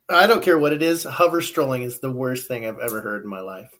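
A man co-hosting a casual fishing podcast, ranting with animated energy and laughing often. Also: medium pitch, moderate pace. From US Northwest. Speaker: podcast co-host. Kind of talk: casual chat.

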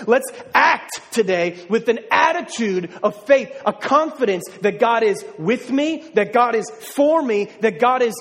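A man's voice: very high-pitched, expressive, a little slow, few pauses, fairly bright tone. A man preaching a sermon as a pastor, telling a personal story and building to emphatic declarations. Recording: long hall reverb.

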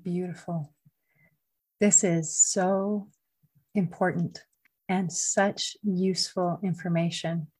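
A woman hosting a podcast, thanking her guest slowly and appreciatively. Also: lowish voice, fairly even intonation, a little mellow, breathy edge, no room sound, low-quality recording. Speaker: podcast host. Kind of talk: interview wrap-up.

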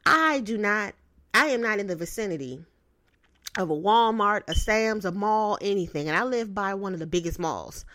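A woman's voice: medium pitch, animated, normal speed, fairly bright tone, no room sound. A young woman hosting a podcast, giving blunt, profane, streetwise advice in a casual way. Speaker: podcast host.

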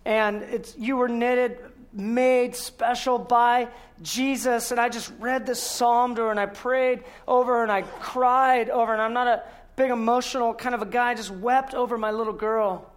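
A man giving a sermon, telling the story with rhetorical questions and earnest emphasis, sometimes dropping to a hushed voice. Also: very high voice, steady tone, fairly quick, hardly any pauses. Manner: storytelling, asks rhetorical questions and answers them. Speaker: guest speaker.

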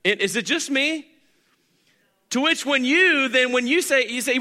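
A male pastor who reads a scripture passage and then preaches an animated, joking sermon to his congregation. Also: a little slow. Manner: animated, joking, rises high for emphasis.

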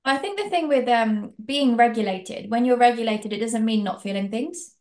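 A woman's voice: on the high side, moderate pace, a little mellow, reverberant. A woman co-hosting a casual podcast, encouraging and full of fillers. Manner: encouraging, filler-heavy, many "like"s. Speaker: podcast co-host.

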